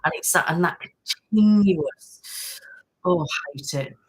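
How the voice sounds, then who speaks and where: A woman's voice: fairly low pitch, a little slow, husky, poor audio. A woman hosting an ASMR live stream, chatting casually and thanking viewers by name. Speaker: ASMR channel host. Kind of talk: casual live-stream chat reading comments. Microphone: studio mic.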